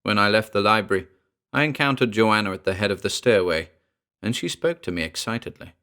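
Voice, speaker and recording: Guy reading a spooky story aloud, low voice, steady and earnest. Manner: measured, earnest first-person storytelling. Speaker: audiobook narrator. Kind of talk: scripted narration.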